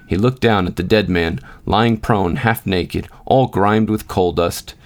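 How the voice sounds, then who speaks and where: A man reading a short story aloud in a measured, unhurried narration. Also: deep voice. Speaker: podcast host and reader. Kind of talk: scripted narration.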